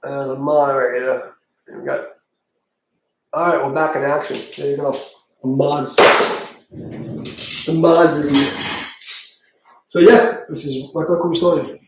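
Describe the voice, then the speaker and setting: A man's voice: a little high, steady tone, a little slow, long pauses, background noise. A man chatting casually and profanely on a live stream as a tarot reader, rambling and laughing often. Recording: very echoey room, mic far off.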